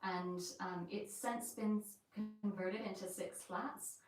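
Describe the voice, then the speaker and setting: A woman vlogger talking casually in a halting, reflective way with many pauses. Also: medium pitch, steady tone, over music. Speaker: vlogger telling family history. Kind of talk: casual live-stream talk. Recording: very echoey, distant mic, faint noise.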